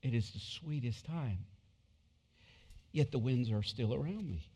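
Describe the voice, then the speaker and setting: A male pastor delivering a sermon, shifting from quiet, intimate passages to loud, excited bursts, on a wireless body mic. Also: mid-range voice, measured pace, husky, long reverb tail.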